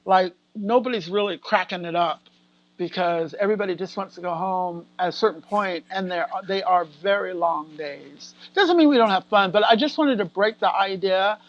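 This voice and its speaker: An American actress talking casually as a guest in an interview, animated and laughing often as she acts out what people said. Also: medium pitch, moderate pace, highs cut off. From United States. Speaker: guest actor.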